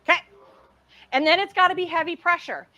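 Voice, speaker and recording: A middle-aged woman hosting a casual craft livestream, chatty and excitable as she demonstrates while talking. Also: very high voice, brisk.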